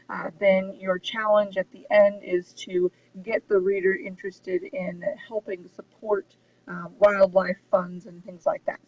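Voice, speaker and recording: A writing instructor gives a recorded lesson on essay writing, explaining steadily with frequent ums and uhs. Her voice is medium-pitched with a darkish tone, captured on a dull, distant mic with faint hiss.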